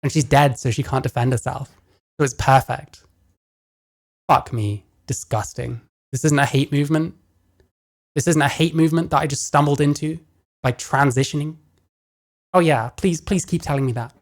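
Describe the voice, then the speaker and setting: A woman's voice: a bass voice, normal speed, long pauses. A woman reacting to a video, blunt and sarcastic, often swearing. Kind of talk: casual reaction commentary.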